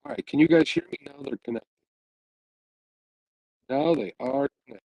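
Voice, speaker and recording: A laid-back man chats through a casual livestream with a mellow, warm voice. He sounds sleepy and easygoing, with fillers and small laughs. The sound is dry and close, through an earbud mic. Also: mid-range voice, moderate pace, vocal fry, no echo, low-quality recording. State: sleepy, yawning after a night without sleep. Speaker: host of a fishing channel, livestreaming. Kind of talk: casual livestream chat, reading viewer comments. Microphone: earbuds mic on a phone stream.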